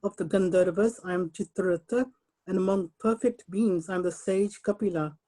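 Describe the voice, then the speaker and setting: Woman reading verses carefully, mellow tone. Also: mid-range voice, rough recording. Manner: slow, careful reading with stumbles and apologies. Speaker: reader of English translation. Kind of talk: group scripture reading over a call. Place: someone else's home, on an unfamiliar computer.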